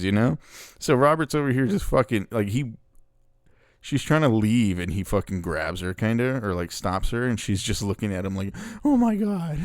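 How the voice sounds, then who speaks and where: A man's voice: fairly low pitch, no echo, studio quality. A man recapping a film in a casual, rambling way, swearing often and sounding exasperated. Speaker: movie reviewer.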